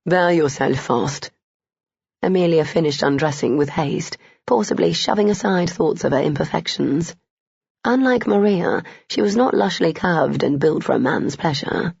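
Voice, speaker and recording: A woman reading a romance novel aloud as an audiobook narrator, steady and even. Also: low-pitched, moderate pace, creaky, slightly rough, no echo. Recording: dull, dry, lo-fi.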